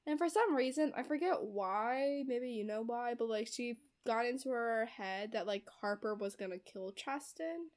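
A young woman recapping a book to a friend in easy, rambling chat, her voice sitting a little high. She scatters "like" through every sentence and slips into the characters' voices when she quotes them. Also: expressive, moderate pace, hardly any pauses, a little mellow. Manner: chatty, heavy use of "like" as filler; acts out characters' quoted lines. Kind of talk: casual chat retelling a novel's plot.

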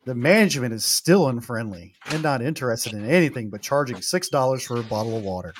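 A man, a podcast co-host reading reviews aloud with lively emphasis in casual chat. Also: mid-range voice, fast talker, a little hiss or hum.

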